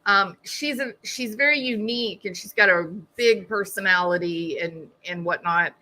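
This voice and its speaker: A woman's voice: medium pitch, normal speed, pushed and bright. A middle-aged woman hosting a true crime live stream, chatting casually, reading viewer comments and laughing at her own jokes.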